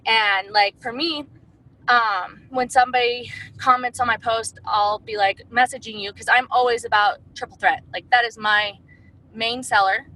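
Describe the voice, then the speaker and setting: Bright, chatty woman full of fillers. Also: on the high side, steady tone, normal speed, poor audio. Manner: chatty, heavy use of "like" and "um". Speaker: direct sales distributor. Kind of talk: casual sales-tips talk.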